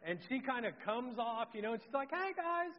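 A middle-aged male pastor with a notably high voice tells a story from the pulpit, moving from loud to hushed. His voice rings through a large church hall with a long reverb. The sound is dull and slightly muffled. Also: moderate pace. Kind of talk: sermon. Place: church sanctuary.

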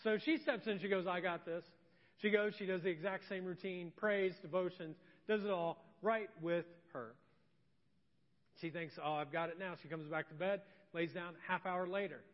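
High-voiced pastor telling a family story. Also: male voice, normal speed. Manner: animated storyteller acting out family dialogue. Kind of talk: sermon storytelling. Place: church sanctuary. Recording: dull reverberant church recording.

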